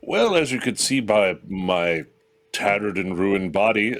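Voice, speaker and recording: Deep-voiced man playing a jokey character. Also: very animated, measured pace, a bit bright. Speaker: player. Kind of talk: playing a character in a tabletop game.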